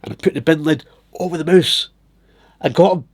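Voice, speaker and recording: In a brisk, somewhat high voice, this young male vlogger spins funny, casual tales about his pet and his job, breaking into laughter a lot and putting on little voices.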